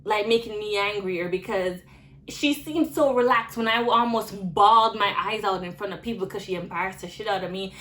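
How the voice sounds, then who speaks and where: A woman's voice: mid-range voice, a little fast, a bit bright, poor audio. A young adult woman retelling a work story in a loose vlog, with many fillers and restarts. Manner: rambling, filler-heavy retelling. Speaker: vlogger.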